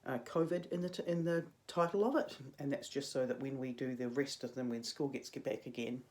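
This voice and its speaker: Chatty New drama teacher, a young woman with a mellow tone, talking students through their work. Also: very deep voice, a little fast. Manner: chatty, jokey asides. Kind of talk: casual video lesson to students.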